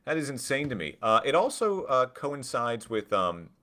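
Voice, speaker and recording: A man co-hosting a casual podcast, chatting and reading things out loud with mock drama. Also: medium pitch, sing-song, moderate pace. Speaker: podcast co-host. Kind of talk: casual chat.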